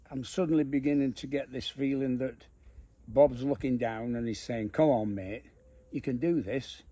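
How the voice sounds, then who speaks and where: An older man, a comedian being interviewed, telling animated stories and acting out the voices. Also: medium pitch, dry recording. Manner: animated, laughs through his stories, acts out voices. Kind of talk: anecdotal storytelling. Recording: noisy background.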